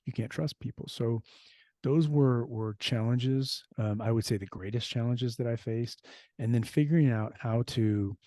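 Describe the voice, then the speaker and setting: A man's voice: medium pitch, moderate pace, mellow, dry recording. A man, a former US Marine and security expert, speaking as an interview guest in an earnest, reflective way with frequent restarts. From United States. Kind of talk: casual interview talk.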